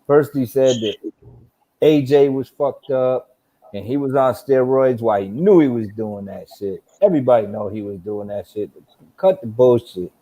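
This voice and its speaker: A man's voice: medium pitch, expressive, normal speed, dark tone, muffled recording. A man co-hosting a live boxing talk show, blunt and profane, often restarting his sentences. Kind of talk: casual live-stream chat.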